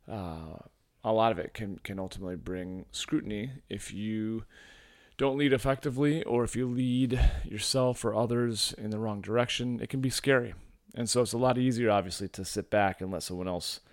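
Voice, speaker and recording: A man hosting his own podcast in a low early-morning voice, thinking aloud in a casual, reflective way with lots of fillers and restarts. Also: no room sound, studio quality. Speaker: podcast host and men's coach. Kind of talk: casual solo podcast monologue.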